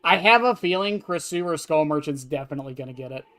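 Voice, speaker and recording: Sitting at a desk indoors, a game streamer chats loosely with viewers, rambling offhandedly, fielding chat questions and cursing now and then. The voice is medium in pitch, quick and a bit bright, with lively intonation.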